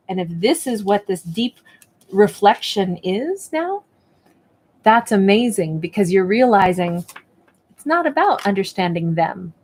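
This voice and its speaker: A woman giving a spoken tarot and oracle card reading at home, talking in a reflective, encouraging way with lots of fillers. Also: fairly low pitch. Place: indoors at a table with her card decks.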